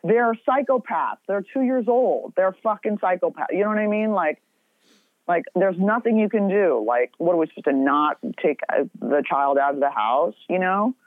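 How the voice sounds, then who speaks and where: A woman's voice: fairly low pitch, normal speed, no echo. A middle-aged woman in casual podcast chat, talking bluntly with lots of swearing and rambling asides. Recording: tinny phone-like sound.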